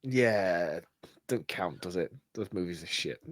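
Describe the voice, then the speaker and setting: A man's voice: sits low, expressive, measured pace, no echo, clean studio sound. A man co-hosting a podcast in casual chat, laid-back and easily stumped, often laughing. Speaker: podcast co-host. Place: podcast studio.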